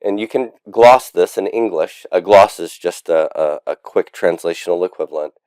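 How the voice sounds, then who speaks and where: A man's voice: sits low, moderate pace, darkish tone, no echo. A man teaching a recorded Latin grammar lesson, explaining patiently step by step with frequent "uh"s and drilling forms aloud. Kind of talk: recorded lecture.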